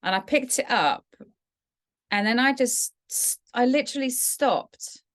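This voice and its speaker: English mum chatting on a podcast, kinda high voice, gets a bit emotional telling a story. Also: female voice, animated, measured pace. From England. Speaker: podcast co-host. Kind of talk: casual chat.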